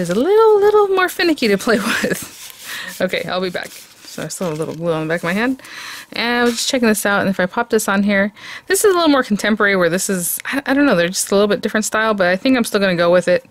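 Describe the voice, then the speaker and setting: A middle-aged woman hosting a casual crafting tutorial, chatting, thinking aloud and laughing often as she works. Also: on the low side. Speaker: craft video host.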